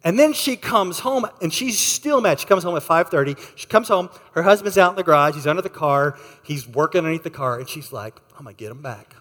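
Animated preacher in a reverberant hall. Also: male voice, high voice, fairly quick, hardly any pauses. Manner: animated storyteller, acts out voices. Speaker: pastor. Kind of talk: sermon with storytelling.

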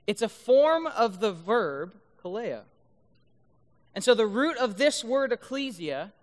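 A young man preaching a youth sermon, earnest, often repeating his words and swinging from loud to soft. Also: high voice. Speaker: youth pastor.

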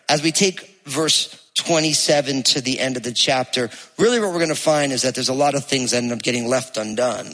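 A man with a New Jersey accent, a pastor giving a conversational, animated sermon and reading scripture aloud to his church. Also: mid-range voice. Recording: long hall reverb.

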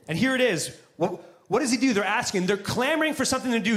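A man's voice: extremely high pitch, animated, quick pace, fairly bright tone. A man preaching a sermon to a congregation in a conversational style with joking asides. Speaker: pastor. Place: church before a live congregation.

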